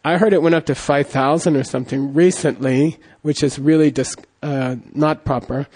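A man's voice: on the high side, fairly even intonation, normal speed, a little mellow. A middle-aged man giving a casual Buddhist teaching, rambling through anecdotes with constant "you know" and "okay?" check-ins. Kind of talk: casual dharma talk with anecdotes.

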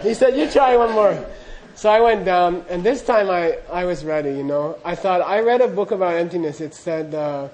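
A man's voice: sits high, noisy background. A middle-aged man telling a humorous, self-deprecating story to an audience in a loose, anecdotal way, acting out the dialogue. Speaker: speaker recounting monastery training.

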